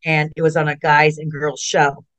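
A woman's voice: low-pitched, little pitch movement, normal speed, a bit bright. A middle-aged woman from California talks as a guest in a casual interview. She rambles through stories with many false starts and restarts. Her delivery is loose and conversational. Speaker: retired wrestler guest.

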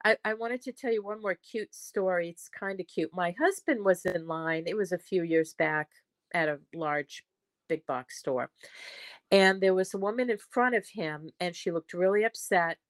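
A woman's voice: fairly low pitch, normal speed, dry recording. An older woman talking as a podcast guest, telling stories in a rambling way with frequent restarts. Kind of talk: conversational storytelling.

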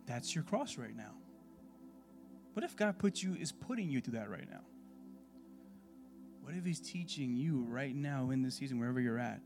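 A man leading a church Bible class in a casual, sermon-style way, animated and conversational, full of rhetorical questions. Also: mid-range voice, normal speed, pauses often, faint music behind.

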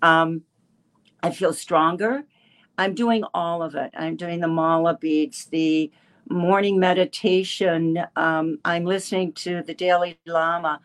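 A woman in her seventies giving a halting personal testimony with many restarts, a little emotional. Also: lowish voice, fairly even intonation. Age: 70s. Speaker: caller sharing a testimonial.

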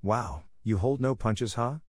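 A man's voice: mid-range voice, measured pace, darkish tone, no room sound, studio quality, lightly acted. A man voicing a flirty woman photographer.

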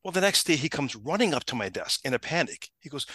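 Bright-voiced man telling a funny story. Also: mid-range voice, quick pace, breathy edge, no echo. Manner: animated, laughing, acts out the people in his stories.

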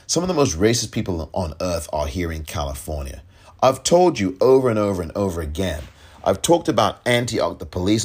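A man hosting a solo political podcast, talking in an emphatic, exasperated way and repeating points for stress. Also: low-pitched. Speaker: podcast host.

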